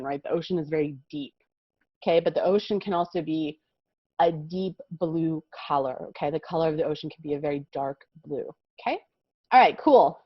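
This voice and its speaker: Brief: American woman, kindergarten teacher, gentle and encouraging, slightly dull lo-fi sound. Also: fairly low pitch, no echo. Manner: patient, encouraging, explains slowly with many "okay?" checks. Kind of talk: online vocabulary lesson for young children.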